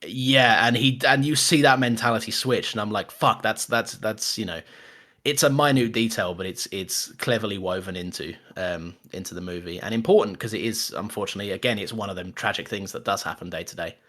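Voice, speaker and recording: A man's voice: lowish voice, a little fast. A man co-hosting a podcast, chatting casually about a film with lots of restarts and laughter. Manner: animated, laughs often, many restarts. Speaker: podcast co-host. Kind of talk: casual film review chat.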